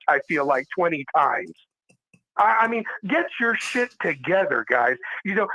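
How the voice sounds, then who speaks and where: A man's voice: high voice, bright, forceful tone, rough recording. A man co-hosting a live sports talk show, ranting hard about his team, swearing a lot and stumbling over repeated words as he trash-talks. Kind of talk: heated fan rant on a live show.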